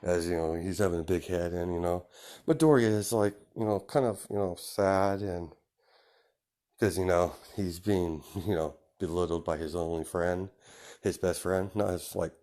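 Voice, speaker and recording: A man's voice: low-pitched, fairly even intonation, normal speed, dark tone. A man improvising a fan story, rambling with many fillers and restarts.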